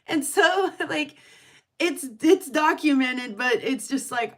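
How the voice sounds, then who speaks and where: A woman runs her rock-collecting channel in a relaxed, chatty way. Her voice sits a little high, and she takes her time. She laughs often and gushes with excitement. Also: takes it slowly, long pauses. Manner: giggly and gushing, lots of laughter and fillers. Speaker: rock hounding channel host. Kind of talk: casual chat.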